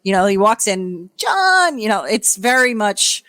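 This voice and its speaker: A woman co-hosting a casual podcast, telling stories in an animated way, swearing freely and acting out what people said. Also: medium pitch, normal speed, no room sound, clean studio sound. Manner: animated storyteller, swears freely, acts out quoted voices. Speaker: podcast co-host. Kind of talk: casual recap chat.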